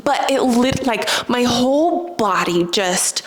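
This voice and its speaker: A woman's voice: on the high side, expressive, slow. A young woman talking casually to her viewers, chatty and emotional, with lots of "like" as she tells a personal story. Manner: chatty, emotional, says "like" often. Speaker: spiritual vlogger.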